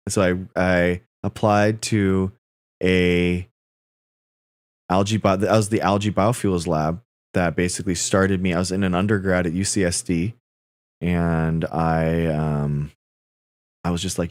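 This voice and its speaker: A man's voice: low-pitched, level tone, measured pace, no echo. A man in his thirties, a livestream host, chatting casually and telling rambling personal stories to his viewers. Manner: rambling storytelling, addressing viewers as guys.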